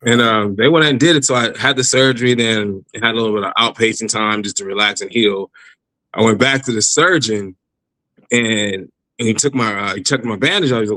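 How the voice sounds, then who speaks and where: Bright-voiced man telling a testimony. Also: on the low side, a little fast, no echo, poor audio. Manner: animated storyteller, laughs often, many restarts. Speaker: guest giving testimony. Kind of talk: casual spoken testimony.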